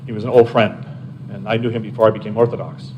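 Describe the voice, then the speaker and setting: An older man, an abbot, telling lively personal anecdotes to a live audience and chatting with his listeners as he goes. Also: fairly low pitch, fast, muffled recording, slight background noise. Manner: animated anecdotal storyteller, chats with listeners.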